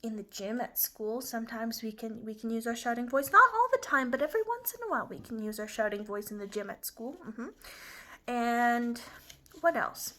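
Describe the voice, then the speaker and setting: A woman teaching young children, slow and clear, encouraging them with exaggerated emphasis. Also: on the high side.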